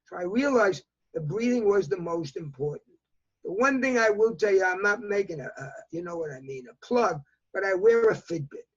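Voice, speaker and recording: Rambling older New man, husky. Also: sits high, dull audio. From New York. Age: 80s. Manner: rambling storyteller, repeats himself, chatty. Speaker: interviewee. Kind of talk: casual remote interview.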